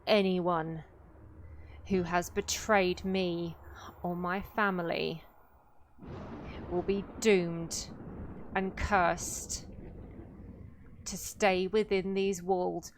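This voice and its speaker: A woman's voice: on the low side, steady tone, drawn-out words, long pauses, a little hiss or hum. A woman voicing a defiant, doomed female knight who swears a vengeful curse.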